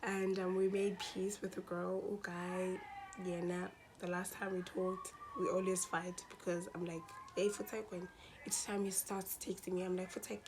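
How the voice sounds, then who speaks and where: A woman's voice: on the low side, normal speed, background noise. A young woman with a South African Xhosa accent, casually telling a personal story to her channel and acting out other people's lines. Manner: animated, switches into quoted voices and mixes in Xhosa.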